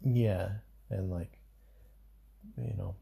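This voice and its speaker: A man co-hosts a casual podcast chat in a fairly low, mellow voice. He talks in a loose, rambling way, full of fillers. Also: fairly even intonation, very slow, creaky, slightly rough. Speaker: podcast co-host.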